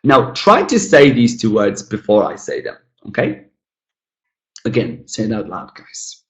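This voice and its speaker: A man teaching a live online English lesson, repeating model words and talking directly to viewers in the chat. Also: lowish voice. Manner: lively, demonstrative, repeats model words slowly, talks to chat.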